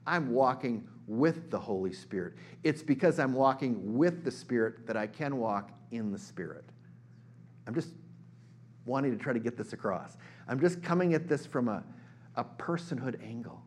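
A man's voice: mid-range voice, expressive, moderate pace, breathy edge. Conversational, emphatic middle-aged male preacher. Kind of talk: sermon.

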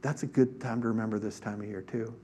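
A man's voice: on the low side, fairly even intonation, fast talker, mellow, a little hiss or hum. A man preaching a sermon, telling a personal story in a conversational way with many fillers and restarts. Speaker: pastor.

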